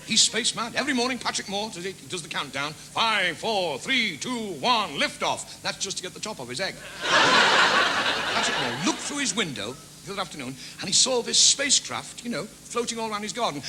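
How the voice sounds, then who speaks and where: A man, doing a stand-up comedy routine with rapid, sing-song gag delivery. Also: high-pitched, sing-song, sharp tone, a little hiss or hum, rough recording. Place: TV studio stage with audience.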